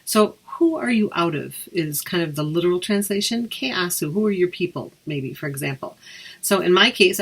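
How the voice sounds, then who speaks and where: Woman, lowish voice, patient teacher, slow repeated phrases. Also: slightly rough. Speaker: Irish language teacher. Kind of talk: language lesson.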